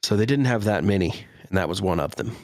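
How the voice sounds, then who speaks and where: A laid-back man co-hosts a podcast in easy, casual chat and laughs often. His voice sits fairly low. It sounds dry and close. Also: animated, fast talker, a little mellow, no echo. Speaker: podcast co-host.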